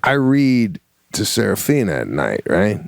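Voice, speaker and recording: A middle-aged man co-hosting a podcast, telling stories in a casual, animated, slangy way. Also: fairly low pitch, unhurried, vocal fry, no echo, clean studio sound. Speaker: podcast co-host. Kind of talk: casual chat.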